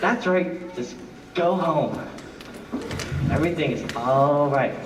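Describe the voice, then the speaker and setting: A man's voice: on the high side, takes it slowly, noisy background. A man playing a fussy, blustering palace doorkeeper in a live stage musical. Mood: bossy. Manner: bossy, blustering stage delivery. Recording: echoey live stage, distant from mic.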